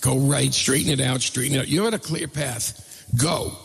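A man voicing a calm adult male race coach who guides the driver by voice and reassures him. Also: medium pitch, moderate pace, creaky, husky. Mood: urging. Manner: instructing, reassuring. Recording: long reverb hall.

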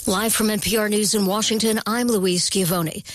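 A woman newscaster reads headlines in a measured, crisp manner. Her voice sits mid-range and the booth sound is completely dry. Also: mid-range voice, fairly even intonation, no room sound. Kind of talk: national newscast.

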